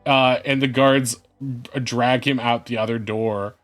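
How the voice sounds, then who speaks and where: A man's voice: medium pitch, fairly even intonation, a little slow, fairly bright tone. Game master man narrating a tabletop game, casual, faint music under. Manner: loose, filler-heavy narration.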